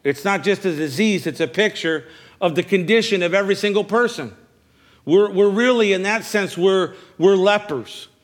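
Preaching man, rather high voice. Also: normal speed. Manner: preaching with call-and-response questions; repeats phrases, stammers on restarts. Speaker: pastor. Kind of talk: sermon. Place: church service.

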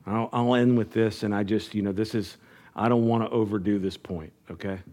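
A man's voice: on the low side, steady tone, brisk, dark tone. A middle-aged man preaching a sermon as pastor, earnest and conversational, often restarting his phrases.

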